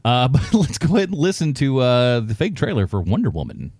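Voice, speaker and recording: Male podcast host, self-mocking and chatty, lively mid-range voice. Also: mid-range voice, brisk. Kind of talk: casual podcast banter.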